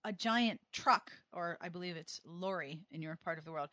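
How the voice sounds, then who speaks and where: A woman co-hosting a chatty interview, her voice bright and sharp in a dry, close sound. She jokes and teases her guest. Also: on the low side, normal speed, no room sound. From United States. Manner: jokey, teasing. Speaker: podcast co-host. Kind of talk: casual interview chat.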